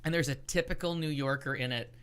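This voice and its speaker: A woman from the United States hosting a casual talk show, her voice bright and clear-edged. She tells stories in a rambling way, stopping and restarting her sentences as she goes. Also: very deep voice. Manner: rambling, halting storytelling with many restarts. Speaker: podcast host. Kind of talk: casual chat.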